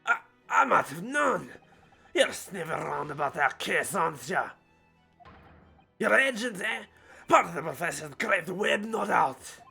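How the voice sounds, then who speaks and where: A streamer voicing a gruff, suspicious male prison governor with a put-on Scottish accent, loud and rolling the R's. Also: mid-range voice, very animated, moderate pace, faint music behind, exaggerated voice. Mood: blustering. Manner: loud, blustering, rolled R's.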